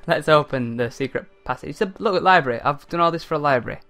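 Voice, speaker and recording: A man's voice: a little high, fast, hardly any pauses, bright, forceful tone. A young man doing joking, self-mocking commentary over a game he is playing, laughing often. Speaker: let's play gamer.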